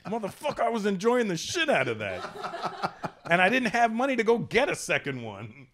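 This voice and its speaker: A man from Canada hosting a podcast, telling street stories in a casual, profane, animated way. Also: high voice, moderate pace, slight background noise. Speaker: podcast host. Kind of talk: casual storytelling chat.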